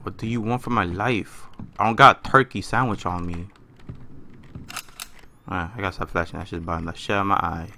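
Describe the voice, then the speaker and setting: A man's voice: low-pitched, fairly even intonation, a little fast, pauses often, bright, forceful tone, a little hiss or hum. A man doing let's-play commentary on a horror game, jumpy and cursing, talking to his viewers and to the game. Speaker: gaming channel host.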